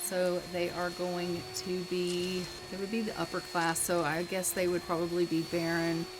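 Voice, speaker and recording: A woman's voice: lowish voice, monotone, moderate pace, background noise. A woman casually narrating her life-sim gameplay as host, chatty and full of "you know" and "um".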